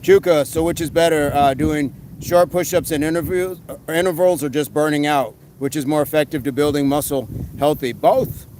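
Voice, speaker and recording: A man hosting a casual live stream, reading comments aloud and giving quick fitness tips in a relaxed way. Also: fairly high pitch, a little hiss or hum, poor audio. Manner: relaxed, answers chat questions with quick tips.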